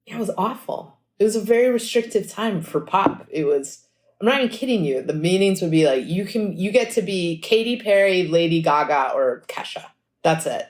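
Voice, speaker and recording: A woman musician telling stories in a casual podcast interview, lively and chatty, acting out what people said. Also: on the low side. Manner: animated storytelling, acts out quotes; fast and chatty, frequent "like". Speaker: musician guest.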